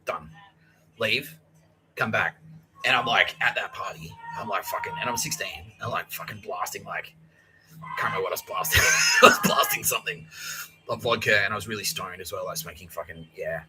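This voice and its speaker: A man's voice: fairly low pitch, normal speed, music in the background, rough recording. A man hosting a podcast, telling a story in a rambling way, swearing heavily and using many fillers. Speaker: podcast host. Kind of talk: casual storytelling.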